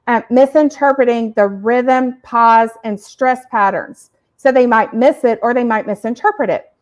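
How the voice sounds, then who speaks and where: Animated woman host explaining parenting tips. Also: a little high, a little slow. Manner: animated, emphatic, uses acted examples. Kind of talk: educational explaining.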